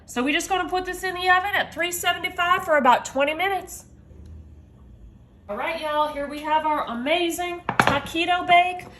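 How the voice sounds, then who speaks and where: A high-pitched woman talks her viewers through a family dinner in her home kitchen. She is upbeat and chatty, warmly calling them y'all. Faint room noise hums underneath. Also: normal speed. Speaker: home cook, mother. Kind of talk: casual cooking video chat.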